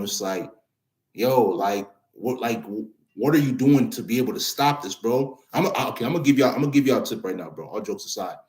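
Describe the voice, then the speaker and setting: Young guy ranting to his viewers, slangy and repetitive, keeps saying bro. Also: medium pitch. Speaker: channel host. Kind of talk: motivational straight-talk to camera.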